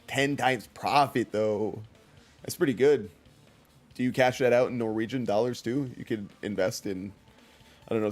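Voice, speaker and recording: A man's voice: mid-range voice, a little mellow. A man giving casual, jokey commentary while streaming a game, laughing often and chatting with his viewers.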